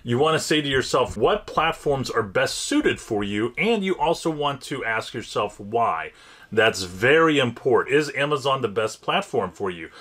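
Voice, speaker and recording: A man with a medium-pitched, slightly bright voice hosts his own channel, giving a long, casual monologue of advice about buying and selling. His conversational delivery is full of fillers and restarts, and he often opens with rising, emphatic lines.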